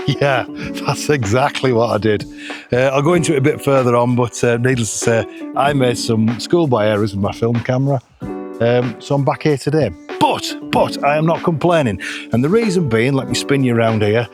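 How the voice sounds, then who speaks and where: A man's voice: mid-range voice, moderate pace, over music. A middle-aged man, chatting casually and joking at his own expense while vlogging outdoors on a hillside. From England. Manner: chatty, self-deprecating, jokey. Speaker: photography vlogger.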